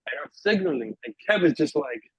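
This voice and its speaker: A young man spins a story for his friends on a podcast, jumping into high, excited voices for the people in it. His voice is a little husky, and the room sounds dry and close. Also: fairly quick, no room sound, muffled recording. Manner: animated storyteller, acts out voices in quotes. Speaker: podcast host. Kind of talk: casual storytelling among friends.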